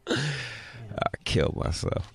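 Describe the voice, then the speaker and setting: A middle-aged podcast co-host with a mid-range, breathy-edged voice draws out his words. The chat is casual and profane: he's blunt, swears often and mimics people as he tells stories.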